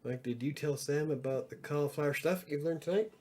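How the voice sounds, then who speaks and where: A man's voice: fairly high pitch, brisk, dark tone. A middle-aged man hosting a casual livestream, joking around and reading chat messages aloud. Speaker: livestream host.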